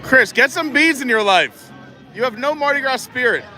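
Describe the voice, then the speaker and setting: A man's voice: extremely high pitch, animated, normal speed, bright, forceful tone, faint music behind, some chatter behind. A man live-streaming a walk through a theme park festival, chatting casually and reading menu boards aloud. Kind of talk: casual walking commentary.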